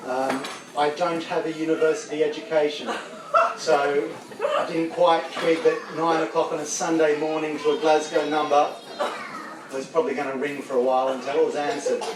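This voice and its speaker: A man's voice: a little high, level tone, moderate pace, noisy background. A man giving a rambling, self-deprecating speech to a crowd, getting choked up. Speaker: speaker at a farewell gathering. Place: large room with a crowd. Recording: echoey hall, mic from far off.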